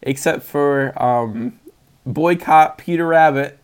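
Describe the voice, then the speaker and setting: A man's voice: fairly high pitch, slow, smooth. A man co-hosting a casual movie chat, sarcastic and giggly, often laughing mid-sentence. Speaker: podcast co-host reviewing movies.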